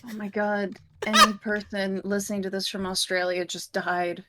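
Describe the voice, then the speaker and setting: A woman from Michigan chatting casually, laid-back and wry, halting with fillers. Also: medium pitch, flat delivery, very noisy. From United States, Michigan. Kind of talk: casual chat.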